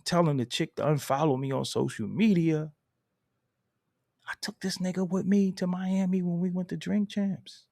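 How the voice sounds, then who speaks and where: A man's voice: high-pitched, expressive, normal speed, gravelly, a little mellow, no echo, studio quality. A man telling a story in a casual, profane and emphatic way, laughing between lines.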